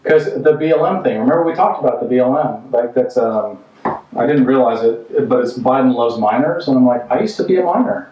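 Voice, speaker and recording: A man hosts a home renovation vlog in a loose, rambling way, slipping in deadpan, self-mocking jokes. He is heard from a distance in a bare, echoing room, and the sound is a little dull. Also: medium pitch, brisk. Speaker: contractor and vlog host. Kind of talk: casual joking chat on a job site. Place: house under renovation, indoors.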